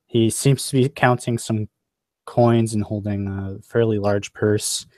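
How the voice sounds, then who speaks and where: A man's voice: lowish voice, fairly even intonation, a little slow, darkish tone, no echo. A man narrating as game master of a tabletop game, describing scenes unhurriedly with fillers.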